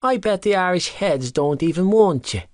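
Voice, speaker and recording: A hot-headed teenage boy voiced by a man in an audiobook, pitched noticeably above a grown man's voice. He spits insults and shouts them. The recording is dry and close. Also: lively intonation, normal speed, no echo. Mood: furious. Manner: shouting, spitting insults, voice cracking. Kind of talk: audiobook character voice.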